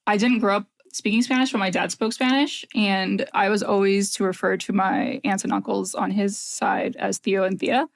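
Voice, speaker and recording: A woman co-hosting a podcast, chatting eagerly and agreeing quickly. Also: medium pitch, level tone, gravelly. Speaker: podcast co-host. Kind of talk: casual interview chat.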